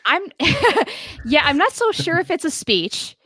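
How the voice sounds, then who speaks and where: A woman's voice: very high voice, very animated, takes it slowly, a bit bright, dry recording. A woman co-hosting a podcast, chatting in a gushing, playful way about a favorite show. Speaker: podcast co-host. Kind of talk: casual fan discussion.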